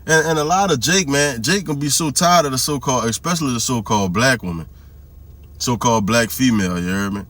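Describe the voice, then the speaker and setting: Brief: male vlogger, bright tense voice, loose slangy street-preacher delivery, keeps asking the listener if they hear him. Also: medium pitch. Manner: slangy, repeats "you hear me?", reads scripture slowly. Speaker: religious commentary vlogger. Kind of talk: casual preaching commentary.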